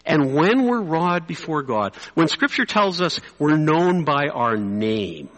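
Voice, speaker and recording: A man preaching a sermon to clergy, conversational and animated, sometimes dropping to a quiet, intense hush. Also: a little high, slow pace, long reverb tail, rough recording.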